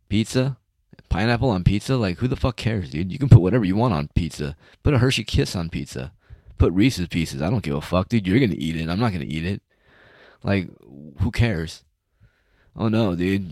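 Deep, mellow male host, dry close mic, rambling sarcastic rant with casual swearing. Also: no echo. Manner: profane, sarcastic, with trailing uhs. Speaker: solo podcast host.

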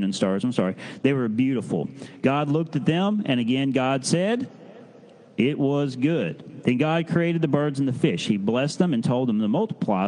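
Children's time leader at church; man, folksy and halting, draws the kids in. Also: fairly high pitch, a little mellow. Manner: folksy and halting, with frequent restarts, coaxing kids to respond. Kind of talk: children's sermon. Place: church service.

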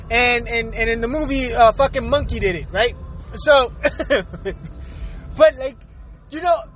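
A woman delivering a profane, exasperated solo rant, firing off rhetorical questions. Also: sits high. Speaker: vlogger.

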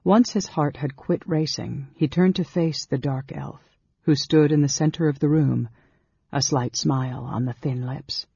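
A male audiobook narrator with a gravelly, husky voice, reading a fantasy novel in a measured way. The sound is dry and close, on a dull, lo-fi recording. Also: fairly high pitch, no echo. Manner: measured, steady storytelling.

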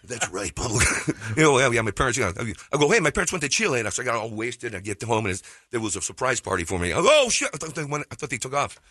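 A male comedian talking fast as he tells wild personal stories, constantly jumping between voices. His voice is bright with a slight husky grain, and the sound is dry and close. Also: mid-range voice, expressive, no echo. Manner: rapid, restless, jumps into voices and laughs. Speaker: comedian guest. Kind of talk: animated comic storytelling.

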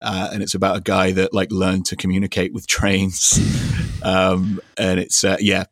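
A man's voice: sits low, monotone, unhurried, no echo, studio quality. A man hosting a podcast, recommending things in a loose, rambling way, full of fillers and restarts. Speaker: podcast host. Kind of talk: casual recommendation chat.

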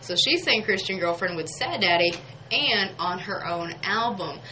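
A woman's voice: mid-range voice, animated, normal speed, sharp tone, a little hiss or hum, rough recording. A woman, hosting a local radio show in casual, chatty talk, laughing often and saying "y'all.". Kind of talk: casual on-air chat. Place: radio studio.

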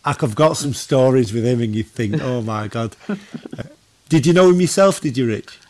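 A man in a casual podcast interview, telling football stories with lots of fillers and restarts. His pitch sits in the middle range for a man, and he sounds like a man in his thirties. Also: normal speed. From northwest England. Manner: animated storyteller, many fillers and restarts. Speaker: former goalkeeper, podcast guest.

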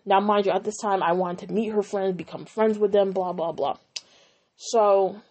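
A woman's voice: mid-range voice, a little mellow. A young woman recounts a personal falling-out in a casual storytime vlog. She talks heatedly and swears freely, acting out the lines she and her friends said. Her voice sits in a medium range. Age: young adult. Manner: heated, profane, emphatic retelling with quoted dialogue.

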